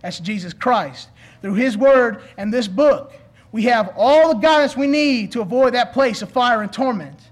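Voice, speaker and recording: A man's voice: very high-pitched, lively intonation, moderate pace. A man preaching a sermon in an earnest, pleading way, asking his listeners questions.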